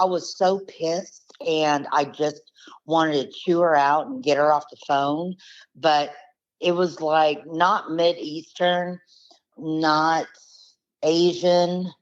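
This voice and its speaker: Taking her time in a low register, a guest who is the niece of a scam victim gives an emphatic, no-nonsense retelling of her uncle's losses, voicing quotes along the way. Highs are missing from the recording.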